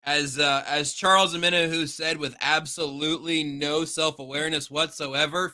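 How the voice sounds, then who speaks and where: A man's voice: on the high side, steady tone, normal speed, few pauses, pushed and bright, dry recording. An American man co-hosting a sports podcast, ranting with sarcasm and exasperation. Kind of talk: casual sports podcast chat.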